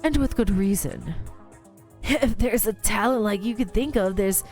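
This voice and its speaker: A woman's voice: medium pitch, unhurried, a little mellow, soft background music, natural voice. A woman putting on an upbeat surfer-dude student. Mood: enthusiastic. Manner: eager, explaining at length. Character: cheerful know-it-all male student, surfer-ish.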